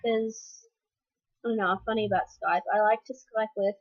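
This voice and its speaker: A woman's voice: medium pitch, fairly even intonation, normal speed. Frank young woman vlogging, lo-fi audio. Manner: frank, with fillers and restarts. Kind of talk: personal vlog update.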